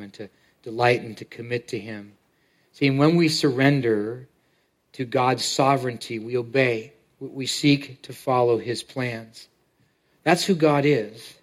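Preaching to his congregation from a church sanctuary, a pastor with a mid-range voice relates a story in halting fashion, repeating words often.

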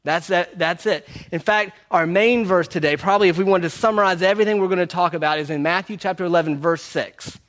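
A man's voice: sits high, quick pace, few pauses, a bit bright. A man preaching a sermon in a conversational way, repeating his key phrases. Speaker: pastor. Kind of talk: sermon teaching through a book.

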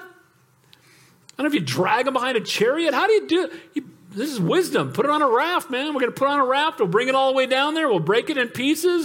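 A male pastor delivers a sermon in a noticeably high voice. He tells stories with animated asides and keeps calling out for amens. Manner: animated storytelling with calls for amen.

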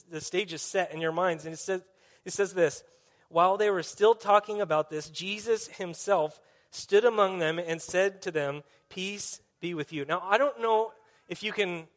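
A man's voice: sits high, fairly bright tone. A man as a pastor, preaching a sermon in an earnest, conversational storytelling way.

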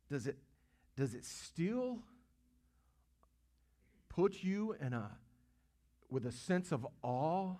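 A pastor delivers a sermon in a somewhat high male voice. He keeps putting questions to the congregation and restarts phrases as he thinks aloud. He builds to emphatic, drawn-out peaks before easing back. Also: very animated, dark tone. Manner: repeats and restarts words while preaching.

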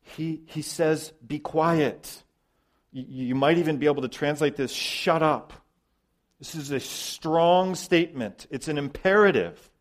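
A man preaching a sermon as pastor, emphatic, with loud stresses, quiet drops and repeated words. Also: a little high, moderate pace, few pauses.

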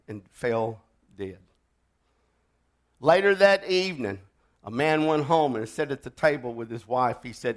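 A man's voice: a little high, animated, a little slow. Dramatic preacher man. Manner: dramatic, swings from shouting to hushed. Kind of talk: sermon storytelling.

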